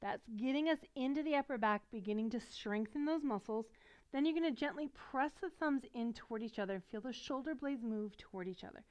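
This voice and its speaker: Gentle slightly breathless yoga teacher woman. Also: fairly high pitch, a little fast, smooth. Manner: gentle, encouraging, explains as she demonstrates. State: a little out of breath. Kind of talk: guided yoga instruction.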